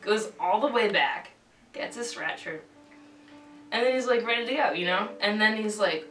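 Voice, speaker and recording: A woman's voice: medium pitch, normal speed, a bit bright, recorded from a distance. A young woman retelling an old tale in slangy, rambling casual chat, full of fillers and restarts. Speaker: drunk storyteller. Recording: roomy, from off-mic, faint music.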